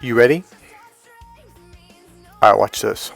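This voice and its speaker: A man's voice: fairly low pitch, takes it slowly, vocal fry, a bit bright, faint music behind. A middle-aged man coaching men on dating, talking bluntly with plenty of swearing and acting out the voices of the people he quotes. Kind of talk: direct-to-camera coaching talk.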